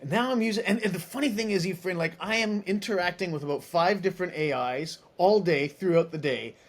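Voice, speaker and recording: A man in his forties, a tech executive as an interview guest, telling stories in a chatty, animated way with many restarts and asides. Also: sits high, brisk. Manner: animated, acts out dialogue in other voices. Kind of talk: casual interview storytelling.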